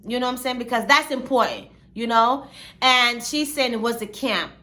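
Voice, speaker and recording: A woman's voice: a little high, normal speed, sharp tone. A woman hosting a commentary channel, talking in a chatty, slangy storytelling way. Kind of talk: casual commentary.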